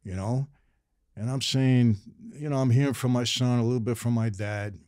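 A man's voice: medium pitch, steady tone, moderate pace, a little mellow, no room sound. Emphatic older New York man, dry sound. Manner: earnest, emphatic, repeats for stress. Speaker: guest. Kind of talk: casual interview chat.

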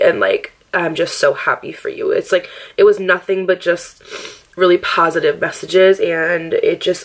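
A woman's voice: fairly low pitch, fairly even intonation, a little fast. A young woman vlogging in a casual chat, candid and upbeat, laughing often, heavy on "like" and swearing freely. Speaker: lifestyle vlogger. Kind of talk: casual get-ready-with-me chat.

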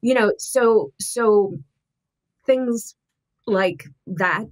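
Earnest woman, thoughtful and halting. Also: medium pitch. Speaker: guest. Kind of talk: candid podcast conversation.

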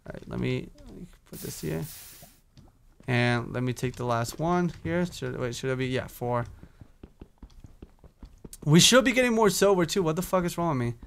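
A young YouTuber's fairly high, animated voice carries vocal fry and frequent pauses as he chats at a moderate pace through his Minecraft let's play. He talks to himself, hums and swears while playing.

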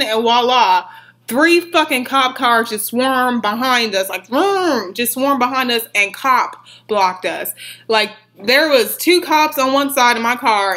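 Young woman, casual storytime vlog, rambling, swears a lot, fairly high pitch, bright tone. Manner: rambling, profane, animated retelling. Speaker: vlogger.

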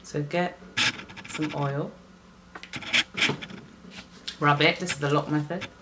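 A young woman chatting casually to her viewers in a home hair care vlog, with lively exclamations. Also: low-pitched, normal speed, very noisy. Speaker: natural hair vlogger.

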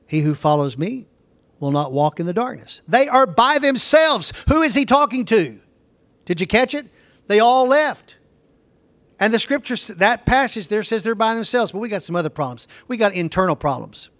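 A man's voice: high voice, fairly bright tone, no room sound. A man teaching a Bible lesson, reading scripture aloud and explaining it with rhetorical questions to his class.

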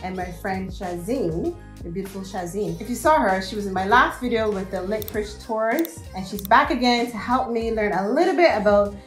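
A woman's voice: mid-range voice, moderate pace, hardly any pauses, reverberant, faint music behind. A woman from Barbados with a Barbadian accent, hosting a casual, playful chat and laughing often. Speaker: channel host.

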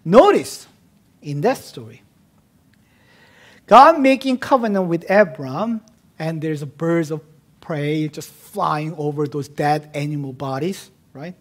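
A man, a pastor, preaching an expository sermon, moving between casual asides and emphatic declarations that fall to hushed tones. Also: fairly high pitch, expressive, slow. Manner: emphatic, swings from loud declarations to hushed near-whispers; conversational asides amid teaching.

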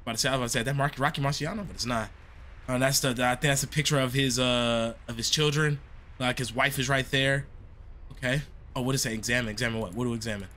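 A man's voice: mid-range voice, steady tone, fast, bright, forceful tone. A young man giving laid-back, slangy, rambling commentary while playing a horror game. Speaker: gaming streamer. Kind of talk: casual gameplay commentary.

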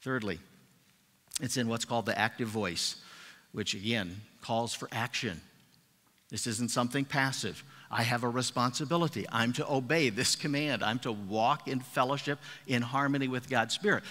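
A man's voice: mid-range voice, normal speed, sharp tone. A male pastor preaching a sermon to his congregation, emphatic and repeating key phrases for weight. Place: church sanctuary. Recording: long reverb of a church hall.

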